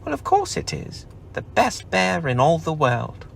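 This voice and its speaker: A man voicing an eager, kind young boy in a storybook, raising his voice higher and sounding excited. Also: unhurried, vocal fry, slight background noise, full character voice.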